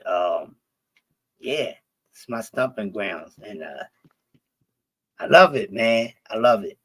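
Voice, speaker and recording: A man's voice: lowish voice, slow pace, slightly rough. Easygoing man from Philadelphia, slight lisp. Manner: relaxed, heavy on fillers and swearing. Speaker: interview guest. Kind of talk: casual chat.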